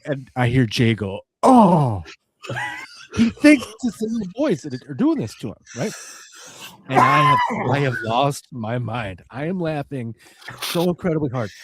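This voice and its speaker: A man's voice: mid-range voice, noisy background. A man hosting a podcast, telling a long funny story in a casual way, laughing often and swearing freely. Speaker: podcast host.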